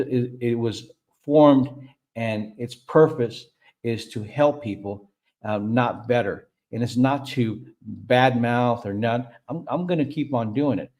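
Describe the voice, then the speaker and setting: A man's voice: mid-range voice, a little mellow. A man talking earnestly and steadily as a podcast guest, with some restarts. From Costa Rica. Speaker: guest, medical tourism advisor. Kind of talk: casual podcast talk.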